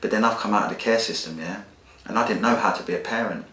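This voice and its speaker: A man's voice: on the low side, fast, pushed and bright. A man, telling his life story as a podcast guest in a blunt, emotional way with street slang. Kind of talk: candid personal storytelling. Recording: echoey room.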